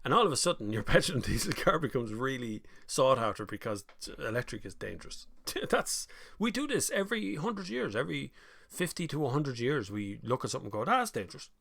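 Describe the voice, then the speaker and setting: A man's voice: mid-range voice, very animated, brisk, gravelly, fairly bright tone, no echo. A man with an Irish accent hosting a live stream, chatting casually and reading out viewer comments, with mocking voices when he quotes people.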